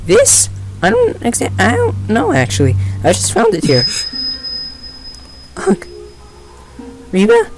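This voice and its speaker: A man voicing a frightened young man in a fan game dub, yelping and pitched up. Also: wildly swooping pitch, takes it slowly, vocal fry, pauses often, over music, full character voice, rough recording. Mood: panicked.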